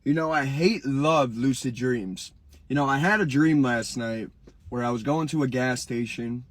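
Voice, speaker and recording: A man's voice: medium pitch, normal speed. A man casually telling a dream story in a laid-back way, adding spoken sound effects as he goes. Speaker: TikTok creator.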